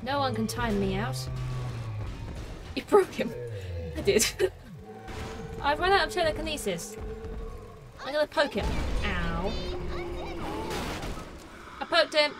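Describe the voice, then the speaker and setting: A woman's voice: sits high, very animated, slow, pauses often, over music. A woman playing a video game live, joking to herself and crying out as she plays. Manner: playful, exclaiming, joking to herself. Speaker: game streamer. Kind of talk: live gameplay commentary.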